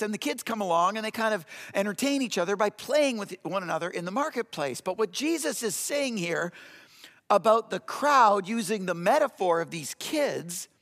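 A man's voice: high-pitched, a bit bright, in a large hall. A man preaching a sermon as pastor, in a conversational way with frequent fillers and restarts.

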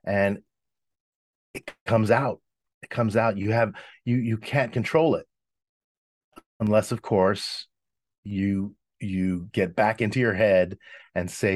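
A man's voice: fairly low pitch, slow pace, long pauses, a little mellow, no room sound, studio quality. A man who facilitates breathwork, talking reflectively in a casual conversation and often restarting his sentences. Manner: reflective, explanatory, frequent restarts.

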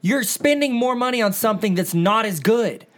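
Male podcast co-host, high-ish voice, excitable, jokey, fired up fast. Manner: excitable, quick to get worked up, joking. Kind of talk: casual chat.

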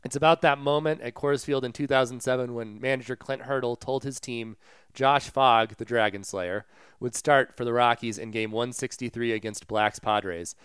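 Smooth, clear-voiced male sports podcaster. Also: medium pitch, fairly even intonation, moderate pace, fairly bright tone, dry recording, studio quality. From Colorado. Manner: conversational, retells stories with asides and fillers. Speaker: podcast co-host. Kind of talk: casual sports podcast chat.

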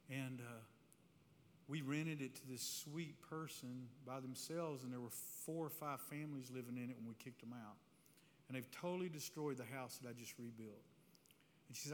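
Animated preaching man in a hall. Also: medium pitch, moderate pace. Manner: animated, conversational preaching with frequent "right?". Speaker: speaker giving a testimony. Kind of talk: sermon-style testimony storytelling. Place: church hall with a live audience. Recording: reverberant hall, faint room noise.

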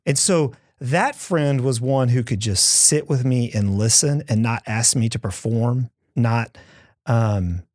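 A man's voice: mid-range voice, takes it slowly, a little mellow, no echo, clean studio sound. A man who is a pastor, talking in a podcast conversation with earnest, heartfelt storytelling.

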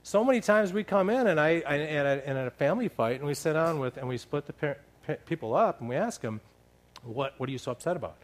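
A middle-aged man telling a humorous story to a church congregation, animated and laughing as he talks. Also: a little high, fast, hardly any pauses. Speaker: church leader sharing a story.

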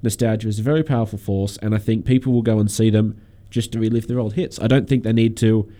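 Mellow-voiced man opinionating. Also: on the low side, fairly even intonation, fast. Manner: opinionated, talks at length. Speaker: radio co-host. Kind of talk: casual radio chat.

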